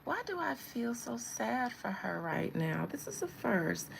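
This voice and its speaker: Chatty woman in her thirties, gravelly. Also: fairly high pitch, very animated, measured pace, a little hiss or hum, low-quality recording. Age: 30s. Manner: chatty, laughs often, talks to viewers and spirits. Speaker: tarot reader. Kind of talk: casual livestream chat.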